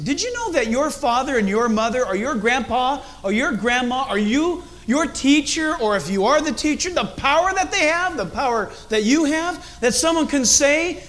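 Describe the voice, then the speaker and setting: A middle-aged man preaching a sermon as a pastor, animated and acting out different tones of voice as he speaks. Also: extremely high pitch.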